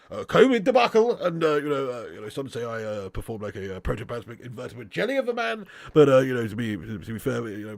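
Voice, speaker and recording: A man's voice: medium pitch, gravelly, no echo, voice pushed down. A man doing an impression of a bumbling middle-aged male politician, hesitating with "uh" all the time.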